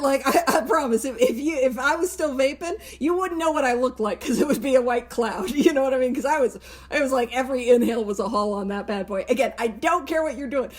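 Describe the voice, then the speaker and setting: A woman with a high, bright-sitting voice leads a book study in a relaxed, conversational teaching style. She leans hard on key words with earnest conviction and lets small chuckles slip between her phrases. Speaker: host of a recovery book study. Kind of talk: casual spoken teaching.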